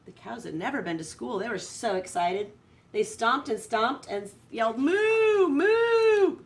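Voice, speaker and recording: A woman teacher reading a picture book aloud to her students, expressive and lively. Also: mid-range voice, moderate pace. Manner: expressive read-aloud, voice rising for excitement. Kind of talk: storybook read-aloud to students. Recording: distant from the microphone.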